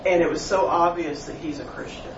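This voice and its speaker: A man's voice: fairly high pitch, fairly even intonation, a little fast. A man in a Bible study group, sharing a story earnestly and hesitantly, often repeating himself. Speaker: class member. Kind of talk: casual group discussion. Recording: distant, roomy, noisy lo-fi.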